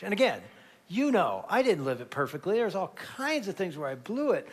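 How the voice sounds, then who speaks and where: A man in his fifties, a grandfather and pastor, tells stories from the stage in a slightly higher-than-usual voice. He talks like he's chatting, and now and then his voice jumps up loud and high. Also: fairly quick. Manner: animated storyteller with sudden loud jumps. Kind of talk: conversational sermon.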